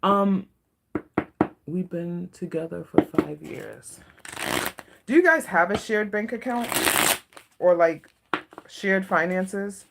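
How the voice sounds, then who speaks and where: A woman giving a live-stream tarot reading, soft-spoken and emotional, often checking in with her viewers. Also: fairly low pitch, lively intonation, slow, creaky, pauses often, very noisy. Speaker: tarot reader.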